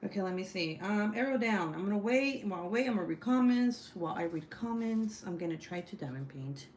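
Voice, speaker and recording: A woman's voice: medium pitch, lively intonation, brisk, darkish tone, slight background noise. A young woman hosting a casual craft livestream, chatting and reading comments aloud in a rambling, swearing way. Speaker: craft channel host.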